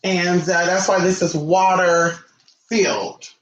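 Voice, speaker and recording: A man's voice: sits high, fairly even intonation, slow, fairly bright tone, dull audio. A man hosting a live-stream ritual tutorial, flamboyant and sassy, calling everyone honey and chatting back to his viewers. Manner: chatty, answers viewer comments. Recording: echoey room.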